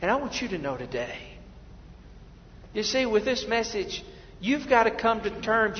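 High-voiced preacher in a reverberant hall. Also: male voice, a little hiss or hum. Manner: preaching with swings from hushed to loud. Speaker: pastor. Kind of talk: sermon. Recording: dull sound in a reverberant hall.

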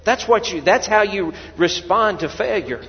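A high-pitched man preaching a sermon to his congregation. He drops to quiet, low asides, then rises to loud, pleading cries. The sound is dull and muffled, with a long echo like a large church hall. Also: animated, moderate pace. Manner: preaching with sudden loud cries when voicing people praying. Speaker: pastor.

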